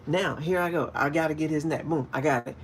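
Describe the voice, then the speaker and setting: Animated man ranting on a livestream. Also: on the high side, fairly quick, a little hiss or hum. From DC, Maryland, Virginia area. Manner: animated storytelling, acts out shouted calls. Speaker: fishing livestream host. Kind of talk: casual livestream chat, reading viewer comments.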